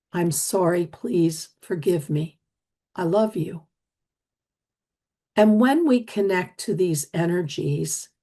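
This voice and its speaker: A middle-aged woman hosting a talk on energy medicine, telling a reflective story slowly and earnestly, with soft restarts and repetitions. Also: on the low side. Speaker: podcast host and speaker on energy medicine.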